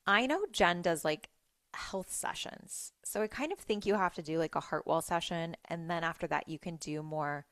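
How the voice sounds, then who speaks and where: Chatty woman podcaster, lowish voice. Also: no echo, studio quality. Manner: chatty, animated, lots of "like"s, laughs often. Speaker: podcast host. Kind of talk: casual solo storytelling.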